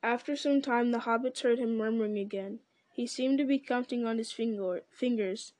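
A woman narrating a story aloud with a measured, even reading manner. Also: on the high side, dry recording.

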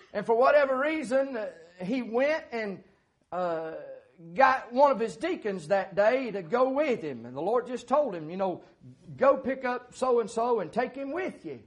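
A man preacher who tells a folksy, plain-spoken story in a sermon, with many filler words. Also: sits high.

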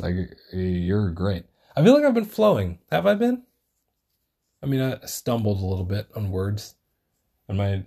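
A man's voice: sits low, mellow, slightly rough. A man hosting a solo podcast, rambling casually and swearing a lot, with self-deprecating asides.

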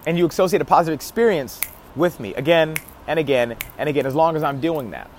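A man talking straight to his viewers about marketing in a casual vlog, leaning hard on repeated phrases and restarting sentences as he goes. His voice sits a little high for a man, and a faint hum of ambience hangs behind him. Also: fast. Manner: emphatic, repeats key phrases, frequent restarts. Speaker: marketing vlogger. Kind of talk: casual marketing advice talk to camera.

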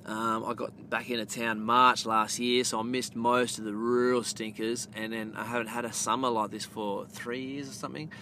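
A man's voice: medium pitch, normal speed, hardly any pauses, a little hiss or hum. A man with an Australian accent hosting a podcast, telling a rambling story in casual, swear-filled chat and calling his listeners mate. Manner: gets loud and animated telling the punchline. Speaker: podcast host.

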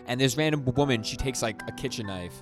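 A man's voice: mid-range voice, fast talker. A young man co-hosting a podcast, recapping a manga in a rambling way with lots of stammered restarts and acted-out quotes. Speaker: podcast co-host. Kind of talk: casual chat recapping a manga. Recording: music playing underneath.

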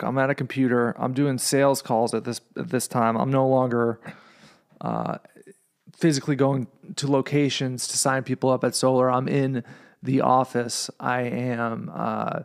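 A young man with a gravelly, creaky voice hosts his own podcast, telling a rambling story. He talks casually, swears freely, and keeps checking in with "you know what I mean". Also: medium pitch. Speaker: podcast host.

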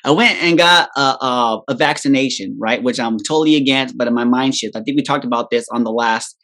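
A man's voice: medium pitch, brisk, a bit bright. A man on a podcast telling a long personal story in casual chat. He swears freely, laughs at himself and tags nearly every sentence with "right?".

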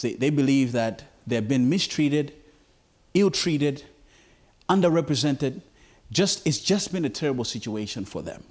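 A man preaching a sermon to a congregation, his voice dropping low and quiet, then rising high and loud, with stammered repeats.

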